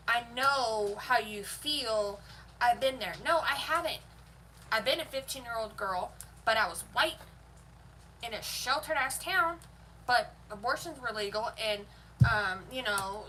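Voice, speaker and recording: A young woman delivers a heated, profane, emphatic rant to camera. Her voice is bright and on the higher side. She sits a little back from the mic, with a faint hiss under her words. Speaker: vlogger. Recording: voice a bit far from the mic, faint noise.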